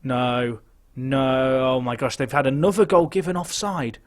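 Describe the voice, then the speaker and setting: A young man giving chatty live commentary on a football management game, nervous and excitable, muttering and then shouting. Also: mid-range voice, measured pace. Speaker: game streamer.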